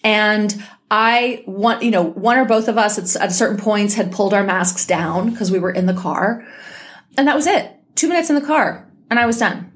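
A woman's voice: mid-range voice, normal speed. A woman hosting her own podcast from home, talking in a blunt, heated and profane way, still recovering from an illness. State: recovering from illness, may cough. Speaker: podcast host. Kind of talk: casual solo podcast monologue.

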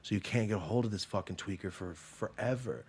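A man in his thirties with a low, husky voice tells a story in a casual chat. He talks bluntly, swears freely and puts real feeling into it. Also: brisk, a little mellow. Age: 30s. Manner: profane, blunt, emotional storytelling. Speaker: podcast host.

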